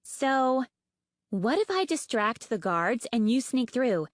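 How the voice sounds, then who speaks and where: A woman voicing an eager, hopeful young female dragon who has visions, in a bright, quick manner. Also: fairly high pitch, very animated, no echo, studio quality, pitched above the performer's own voice.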